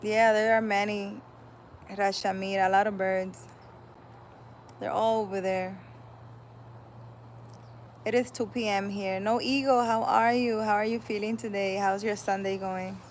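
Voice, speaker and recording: A woman's voice: mid-range voice, steady tone, a little slow, long pauses, slight background noise. A woman hosting a casual livestream outdoors, greeting viewers by name and chatting loosely as she reads their comments. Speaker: livestream host and spiritual healer.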